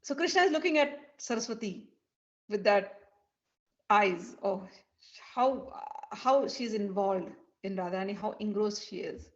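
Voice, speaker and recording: A woman telling a devotional story in an animated, vivid way. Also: medium pitch, measured pace. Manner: animated, vivid retelling with restarts. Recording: dull lo-fi recording.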